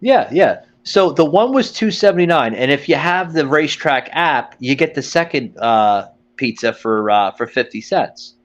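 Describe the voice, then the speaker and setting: The recording is muffled, a phone-line call from a podcast host with a fairly high voice and lively intonation. He moves at a moderate pace with few pauses through a rambling, foul-mouthed funny story, doing put-on voices for the people he quotes.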